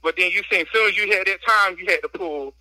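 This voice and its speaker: This podcast guest, a man with a high, very bright and sharp voice, talks fast into a phone as he walks outdoors, slightly winded. He vents with plenty of slang and emphasis in a relaxed chat, and the poor-quality audio is dry and close with no room around it.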